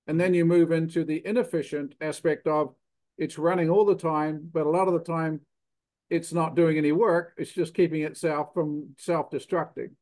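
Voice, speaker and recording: A man's voice: a little high, level tone, normal speed, darkish tone. Older New Zealand man, plainspoken. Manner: plainspoken, self-deprecating explaining. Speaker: guest, cheese consultant. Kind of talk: technical interview talk.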